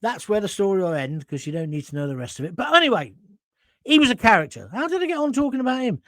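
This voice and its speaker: Give me an older host telling stories casually, a slightly high voice, dry close sound. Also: male voice, very animated, quick pace, fairly bright tone, dry recording. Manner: chatty and anecdotal, often asks "right?". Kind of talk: casual storytelling on a live show.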